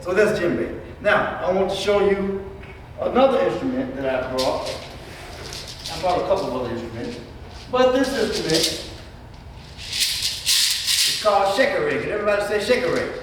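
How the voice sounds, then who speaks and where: A man leading a children's music lesson, asking questions and waiting for answers, sometimes spelling words out slowly. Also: on the high side, fairly bright tone, a little hiss or hum. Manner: questions and call-and-response. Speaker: music teacher. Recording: echoey hall, far mic.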